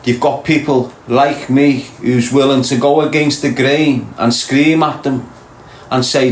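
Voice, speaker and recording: A man's voice: medium pitch, fairly even intonation, measured pace, reverberant, a little hiss or hum, poor audio. A man from Liverpool with a Scouse accent, hosting a live stream and lecturing his viewers bluntly. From Liverpool, England. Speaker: podcast host.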